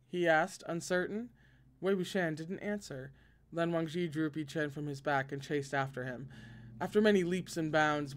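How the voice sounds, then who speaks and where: A man reading a novel aloud expressively, now and then breaking in with excited asides. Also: on the high side. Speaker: podcast reader.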